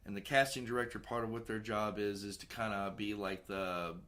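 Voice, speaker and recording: A man hosting a podcast, telling film-set stories in a casual, profane, animated way. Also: lowish voice, brisk. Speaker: podcast host and film director. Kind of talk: casual storytelling chat.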